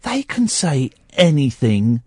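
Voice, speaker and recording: Brief: male phone-in host, animated pitch, dry studio sound, chatty, mock-outraged. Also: slow, husky, dry recording. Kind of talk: late-night radio phone-in chat. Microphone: studio microphone.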